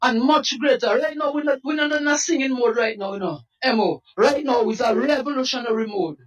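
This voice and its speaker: A man with a Dominican accent, a protest leader giving an impassioned interview with fiery, preacher-like appeals and bursts of shouting. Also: very high voice, fairly quick, highs cut off. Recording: distant mic.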